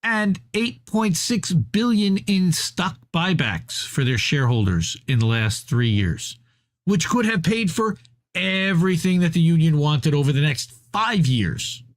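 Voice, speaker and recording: A man's voice: fairly high pitch, very animated, unhurried. Fired-up man ranting. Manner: fired-up, railing, profane. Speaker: podcast co-host. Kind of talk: casual ranting chat.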